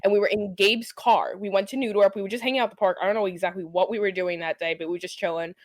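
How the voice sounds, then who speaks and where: A woman's voice: medium pitch, steady tone, rapid-fire, no room sound. A young woman co-hosting a podcast, telling stories casually and bluntly, with some swearing. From Staten Island, New York. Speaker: podcast co-host. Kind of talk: casual chat.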